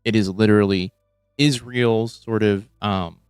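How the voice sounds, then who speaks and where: A man's voice: lowish voice, steady tone, measured pace, clean tone, no echo. A young man from Texas with a light Texan accent, hosting a casual podcast and talking through news clips with many fillers and restarts. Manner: rambling, thinking aloud with many fillers. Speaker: podcast host.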